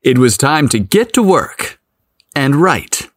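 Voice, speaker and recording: A man narrating a story aloud in a playful, expressive manner. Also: medium pitch, slow pace, no echo. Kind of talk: audiobook narration.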